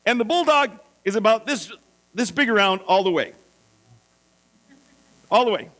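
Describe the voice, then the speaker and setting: A middle-aged male pastor telling a self-mocking story in a sermon, animated and playful. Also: high voice, moderate pace. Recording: mains hum.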